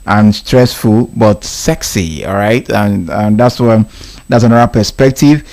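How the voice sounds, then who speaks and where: A man's voice: lowish voice, unhurried, gravelly, darkish tone. A man hosting a casual radio live stream, reading listener answers aloud with frequent laughs and repeats. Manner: amused, laughing often, repeats lines. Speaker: radio host.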